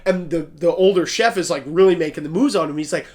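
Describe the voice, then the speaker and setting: A young man co-hosting a podcast, telling a story in casual chat, excitable, swearing often and laughing a lot. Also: a little high, brisk, hardly any pauses. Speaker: podcast co-host.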